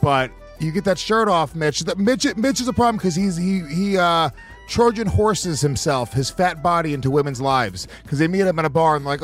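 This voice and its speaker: A man's voice: on the high side, normal speed, soft background music. Crude, mocking male podcast co-host. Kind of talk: casual comedic banter.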